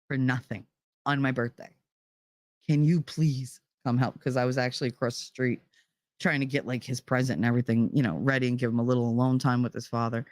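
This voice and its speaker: A woman's voice: very deep voice, a little mellow, dry recording, clean studio sound. A middle-aged woman streaming from home, telling a story in casual chat, heated and profane. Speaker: live streamer.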